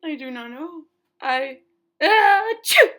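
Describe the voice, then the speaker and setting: A woman's voice: high-pitched, big pitch swings, heavily acted. A woman voicing a fretful, dramatic young elephant who keeps stammering and sneezing, in a storybook reading. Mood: worried, dramatic. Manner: slow, halting, prone to sneezing fits. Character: anxious elephant boy, dramatic and worried.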